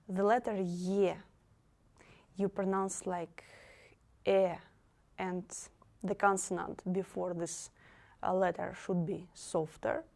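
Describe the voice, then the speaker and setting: A woman with a Russian accent teaching a language lesson, explaining carefully and repeating example words slowly. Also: medium pitch, mellow.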